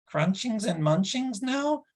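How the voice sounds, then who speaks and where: A man's voice: high voice, very animated, slow pace, voice pushed up, heavily acted. A man voicing Gurgi, a cringing, greedy hairy forest creature who whines in odd rhyming words, in an audiobook. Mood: wheedling. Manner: speaks in odd rhyming '-ings' words, wheedling. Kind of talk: audiobook character voice.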